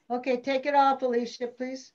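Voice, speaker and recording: A woman acting teacher on a video call, coaching a class with brisk directions. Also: sits high, lo-fi sound.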